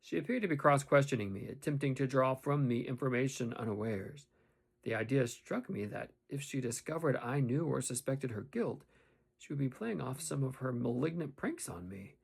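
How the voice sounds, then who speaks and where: Gravelly, expressive male audiobook reader. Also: mid-range voice, normal speed. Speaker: audiobook narrator. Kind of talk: first-person novel reading.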